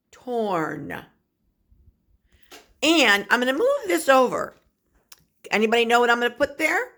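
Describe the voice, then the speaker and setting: Sounding out letters and words slowly for little kids, a female kindergarten teacher leads a recorded phonics lesson. She speaks a little high with big pitch swings and a fairly bright tone.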